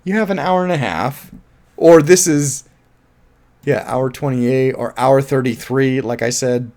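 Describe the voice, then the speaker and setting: A man casually reviewing a film, animated and laughing often, with offhand swearing. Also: mid-range voice, unhurried. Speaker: movie reviewer.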